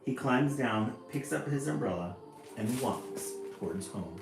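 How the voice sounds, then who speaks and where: A man reading a picture book aloud, with lively, chatty asides about the pictures. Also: medium pitch, unhurried, vocal fry. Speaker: storybook reader. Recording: echoey room, faint music.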